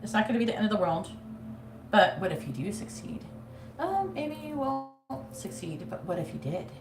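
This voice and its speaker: A woman reading tarot on a live stream is blunt, swears openly, and slips into nagging-voice imitations. She has a medium-pitched, sing-song voice at a normal speed, recorded in an echoey room with faint ambience.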